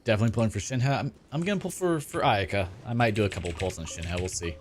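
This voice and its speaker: A man's voice: lowish voice, very fast, slight background noise. A man chatting casually while streaming a video game, rambling and self-deprecating. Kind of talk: casual gaming stream chat.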